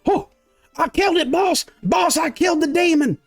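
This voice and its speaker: A man voicing a cowardly, panicky male bandit henchman with a high, frantic drawl. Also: normal speed, soft background music.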